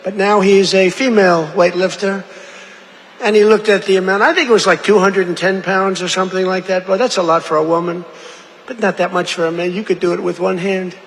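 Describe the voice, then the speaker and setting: A man's voice: high voice, steady tone, a little fast. Rambling man speaking at a rally. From United States. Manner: repetitive, digressive, acts out quoted voices. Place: large rally venue. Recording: echoey amplified rally hall.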